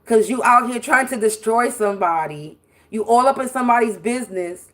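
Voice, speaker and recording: A woman with a fairly high voice rants on her livestream, swearing often and circling back to the same phrases. She sounds confrontational and fired up, and laughs now and then mid-sentence. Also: brisk, a bit bright. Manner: profane, confrontational, repetitive. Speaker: spiritual livestream host. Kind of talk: ranting livestream monologue.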